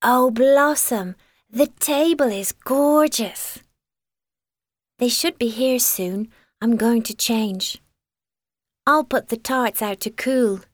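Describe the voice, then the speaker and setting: A woman voicing a kind, reassuring mother who speaks gently and encouragingly. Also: on the high side, slow, no echo, studio quality.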